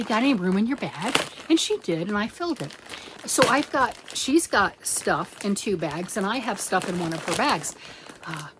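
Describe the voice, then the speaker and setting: A woman chatting casually as she unboxes a yarn kit, excitable and rambling, with sudden whispered asides. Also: mid-range voice, slight background noise. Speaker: crochet vlogger.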